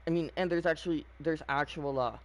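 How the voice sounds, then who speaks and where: A man's voice: fairly high pitch, fairly quick. A man giving casual, opinionated commentary on a video game, rambling with frequent fillers and restarts. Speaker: gaming channel host.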